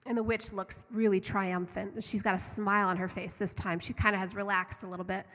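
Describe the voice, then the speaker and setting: A woman's voice: mid-range voice, level tone, a little fast, fairly bright tone. Earnest woman preaching in a reverberant hall. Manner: earnest, fervent, conversational. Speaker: church speaker. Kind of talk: storytelling sermon.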